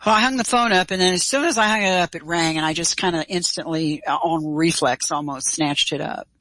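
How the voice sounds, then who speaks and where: A middle-aged woman appears as a guest in an interview, retelling a personal story in a fairly low voice at a fairly quick pace. She's lively and animated, quoting dialogue and cursing casually. The audio is poor and dry, with no echo.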